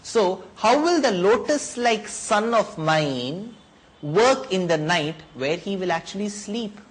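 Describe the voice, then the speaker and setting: A man's voice: sits high, expressive, slow pace, pitched above the performer's own voice, poor audio. A man doing an anxious old king. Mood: pleading. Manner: pleading, anxious. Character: worried elderly father king.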